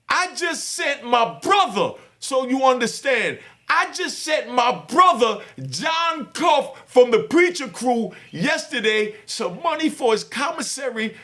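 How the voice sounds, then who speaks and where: A middle-aged man talking to his viewers with fervent, preaching passion and bursts of shouting. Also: very high voice. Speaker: host. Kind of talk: impassioned talk to viewers.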